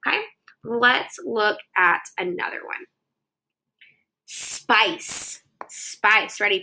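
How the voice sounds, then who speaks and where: Slow, bright-voiced woman teaching phonics. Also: on the high side, rough recording. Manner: slow, deliberate, sounds words out syllable by syllable. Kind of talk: phonics dictation lesson for kids. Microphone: phone.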